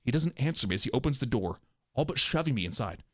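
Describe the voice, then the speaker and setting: A man streaming a game, reading and reacting aloud in a jokey way, quick to laugh. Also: mid-range voice, animated, no echo, studio quality.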